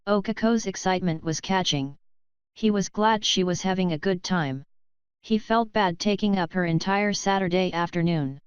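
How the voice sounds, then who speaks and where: A woman reads a fan fiction audiobook in a calm, even manner. Her voice sits a little low and comes through very clean and dry. The recording sounds slightly dull. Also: smooth, no echo. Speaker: narrator.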